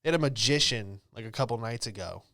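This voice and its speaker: A man's voice: mid-range voice, fast talker, bright, forceful tone, dry recording, clean studio sound. A young man, a comedian, riffing casually through a solo comedy monologue in a rambling, offhand way, with lots of fillers. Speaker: comedian and podcast host.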